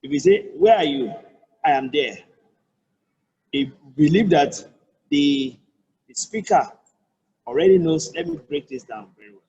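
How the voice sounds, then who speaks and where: Husky Nigerian man teaching French. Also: on the high side, expressive, mellow, muffled recording. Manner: explains patiently, repeats phrases, slow careful French examples. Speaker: language tutor. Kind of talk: online language lesson.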